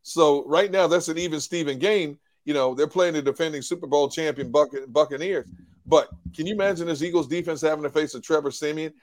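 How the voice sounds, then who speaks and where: A man with a somewhat high voice, analyzing a game on a post-game show. He talks in an animated way, repeats his words and acts out what others said. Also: fairly quick. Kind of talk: casual sports talk.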